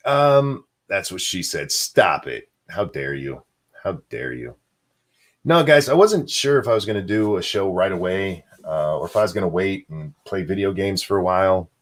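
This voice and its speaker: A man hosting a casual livestream show, rambling through viewer chat with plenty of fillers and chuckles. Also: on the low side. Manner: answers viewer chat and donations aloud.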